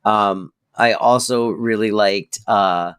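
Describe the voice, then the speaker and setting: A man's voice: on the low side, steady tone, takes it slowly, fairly bright tone, smooth. A man co-hosting a podcast, chatting casually, laughing often and hesitating with fillers. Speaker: podcast co-host. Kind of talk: casual chat.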